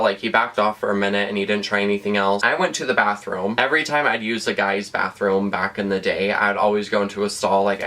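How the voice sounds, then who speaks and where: A man from Utah telling a storytime vlog, rambling and animated, heavy on fillers and swearing. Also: fairly low pitch. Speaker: vlogger.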